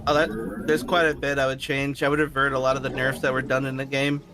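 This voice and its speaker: A man's voice: medium pitch, level tone, fast talker. A man chatting casually and teasing a friend while they play a video game together. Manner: teasing, joking banter. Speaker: gamer co-hosting a game session. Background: game music and sounds.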